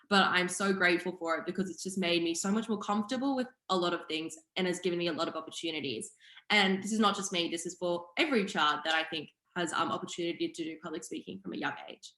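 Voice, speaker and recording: A young woman presenting a public speaking lesson over a video call, her voice sitting in the middle of the usual range. She explains each point in a clear, steady, teacherly way, and the room around her adds a noticeable echo. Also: medium pitch. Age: young adult. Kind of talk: online seminar presentation. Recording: echoey room.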